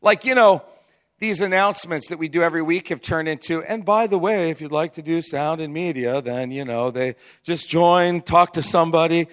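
A man's voice: fairly high pitch, moderate pace, fairly bright tone. A man preaching a sermon as pastor, in a chatty, conversational way with frequent asides and restarts.

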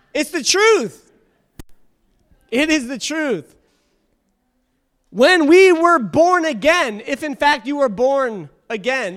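A man's voice: very high voice, a bit bright. A man preaching a sermon to a congregation in church, fervent and exhorting, calling on the listeners to answer back.

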